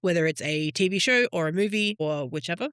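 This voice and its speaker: A woman's voice: fairly low pitch, animated, brisk, fairly bright tone, clean tone, no room sound, studio quality. A woman with an Australian accent, co-hosting a podcast in casual chat and swearing freely. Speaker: podcast co-host.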